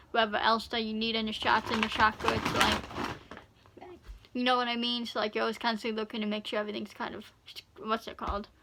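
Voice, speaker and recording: A woman's voice: fairly high pitch, noisy background. A woman hosting a casual reaction video, rambling with lots of fillers as she talks to the camera. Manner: rambling, full of fillers like "you know" and "like". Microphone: phone camera.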